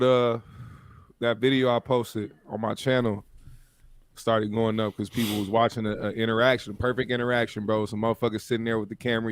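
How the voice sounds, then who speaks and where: A man's voice: on the low side, clear, resonant tone, dry recording. A man co-hosting a podcast in casual chat, telling stories in a laid-back, profane way. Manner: laid-back storytelling, profane, laughs often. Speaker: podcast co-host.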